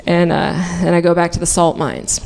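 A woman's voice: lowish voice, little pitch movement, normal speed, vocal fry, heavy background noise. A woman telling a frank, comic personal story live on stage, swearing freely and narrating with dry humor. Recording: reverberant hall.

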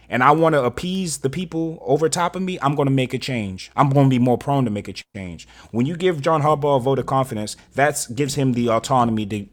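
A man co-hosting a sports talk show, ranting angrily and profanely about his team's coaching and drafting. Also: medium pitch. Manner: angry, profane ranting, rising to shouts. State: fired up and frustrated. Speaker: sports podcast co-host. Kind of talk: heated casual sports rant.

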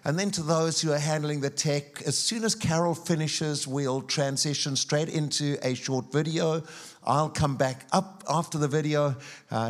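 A middle-aged man with a fairly high voice addresses a church congregation. He is upbeat and enthusiastic as he makes announcements and introduces the next speaker. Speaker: college president and guest preacher.

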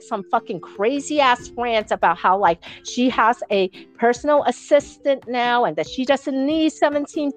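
A woman telling a long gossip story in casual chat, swearing freely and acting out what others said. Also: high voice. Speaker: podcast guest.

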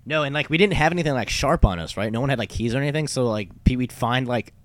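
A man's voice: mid-range voice, fast talker, dry recording. A young man casually telling a story, rambling with lots of fillers and swearing. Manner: rambling, many fillers and profanity. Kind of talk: casual chat.

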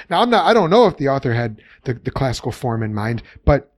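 A man co-hosting a podcast, talking casually and thinking out loud with frequent restarts. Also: mid-range voice, fast talker. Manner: animated, thinks aloud with restarts. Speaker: podcast co-host. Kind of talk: casual discussion.

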